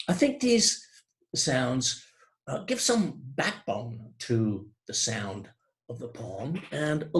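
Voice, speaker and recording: A man giving an online lecture on poetry, explaining with hesitant fillers and restarts and slowing down to stress key terms. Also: medium pitch.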